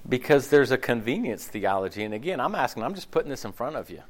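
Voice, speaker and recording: A male pastor giving an animated, conversational sermon, peppered with rhetorical questions and mocking asides. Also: medium pitch, quick pace, few pauses.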